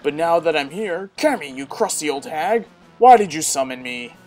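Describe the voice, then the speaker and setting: A woman's voice: deep voice, lively intonation, moderate pace, faint music behind, pitched below the performer's own voice. A woman voicing a blustering, hot-tempered male turtle king who growls and barks orders. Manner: growling, bossy, shouting.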